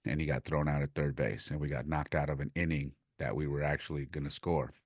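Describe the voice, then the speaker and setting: A man's voice: a bass voice, steady tone, brisk, slightly rough, dry recording, clean studio sound. A man hosting his podcast, animatedly telling a story from coaching youth baseball and retelling conversations in his own words.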